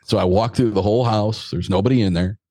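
Deep-voiced man telling a story. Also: fast talker, dark tone, no room sound. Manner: laid-back, blunt and joking, with mild swearing. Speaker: podcast guest. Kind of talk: casual storytelling.

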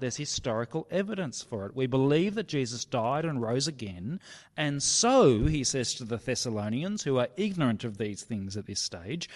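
A man preaching a sermon, slow and emphatic, sometimes dropping his voice to a near whisper for effect. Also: mid-range voice. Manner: slow, emphatic preaching with dramatic drops to a hush. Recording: long reverb of a large hall.

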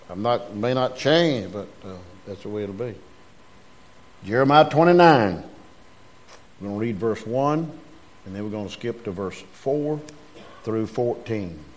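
A man preaches in a church at an unhurried pace. His slightly high voice rises and falls widely with emphasis. He calls out to the congregation and asks them to answer back. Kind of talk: sermon with scripture reading.

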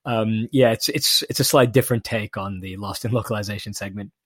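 A man's voice: fairly low pitch, brisk, a bit bright, breathy edge, dry recording, clean studio sound. A man guest on a podcast, talking casually in a laid-back way with frequent restarts and light laughs. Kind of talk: casual chat.

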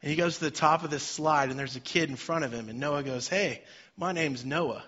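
Middle-aged man preaching with bright tone. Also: fairly high pitch, brisk, slightly rough. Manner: swings from quiet storytelling to loud emphatic preaching. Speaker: pastor. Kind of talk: sermon. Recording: slightly dull sound with faint music behind.

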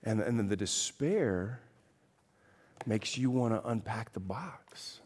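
A man preaching a sermon, emphatic, rising to loud peaks and dropping to quiet low passages, asking rhetorical questions. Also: animated, slow, breathy edge. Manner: asks the congregation rhetorical questions. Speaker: pastor.

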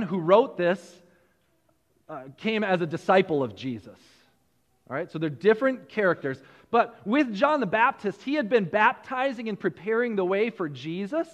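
A man preaching a sermon as pastor, animated, repeating words and chuckling between points. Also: sits high, in a large hall, muffled recording.

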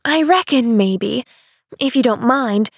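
A woman's voice: on the high side, lively intonation, slow, gravelly, no room sound, studio quality, heavily acted. A woman voicing a cheerful, eager little girl who gushes breathlessly in a storybook reading. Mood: gushing. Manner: gushing, breathless and exclamatory.

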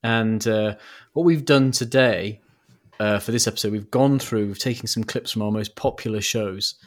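Lowish voiced guy co-hosting a podcast, rambles a bit, lots of uhs. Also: normal speed. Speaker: podcast co-host. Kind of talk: casual podcast chat.

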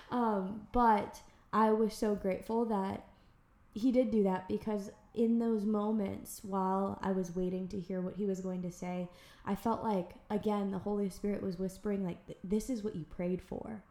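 A woman podcast host telling a personal story in a casual, animated chat. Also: medium pitch. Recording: roomy echo.

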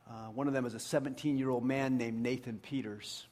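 An earnest pastor preaching a sermon, his voice pitched in the ordinary middle range for a man. He leans into his points and sinks to a hushed near-murmur to stress them. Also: steady tone, fairly quick. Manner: earnest, drops to a hushed voice for emphasis.

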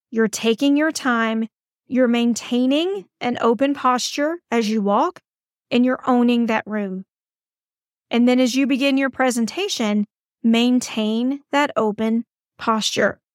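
Chatty woman, fairly high voice. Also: dry recording, studio quality. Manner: chatty, encouraging, emphatic. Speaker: podcast host. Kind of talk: casual advice podcast.

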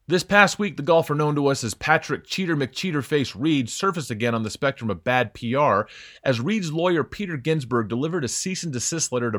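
A man's voice: medium pitch, fairly bright tone. A young man hosting a scripted sports opinion segment, talking in a sarcastic, mocking way with theatrical emphasis.

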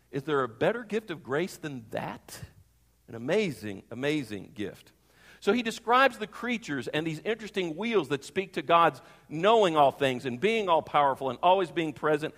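A man's voice: on the high side, animated, moderate pace, a bit bright. A man preaching a sermon in a conversational, emphatic way, asking the congregation questions. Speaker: pastor. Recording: long reverb of a large hall.

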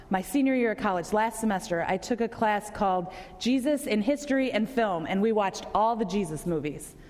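A woman's voice: on the high side, in a large hall. A woman pastor giving a conversational sermon to a congregation, asking them questions.

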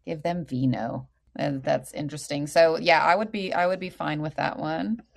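A woman's voice: low-pitched, moderate pace, creaky. A woman co-hosting a casual podcast, bantering and laughing often. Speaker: podcast co-host.

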